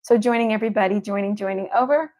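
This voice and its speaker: A woman's voice: mid-range voice, fast, a little mellow. Effusive woman hosting a livestream. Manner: effusive and upbeat, repeats affection to the audience. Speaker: evidential medium hosting a livestream. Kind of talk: casual livestream chat to viewers.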